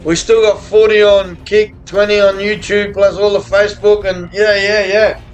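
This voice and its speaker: A man's voice: sits high, little pitch movement, moderate pace, soft background music. A man who is a bit tipsy and slurring, chatting and swearing while he streams to viewers. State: tipsy, slurring a little after beers. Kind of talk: live gambling stream chat. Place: hotel or home room abroad.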